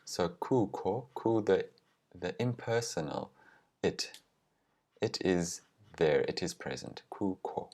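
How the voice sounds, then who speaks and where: A man teaching language grammar, explaining with example phrases and pronouncing them slowly and carefully. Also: low voice, expressive, darkish tone.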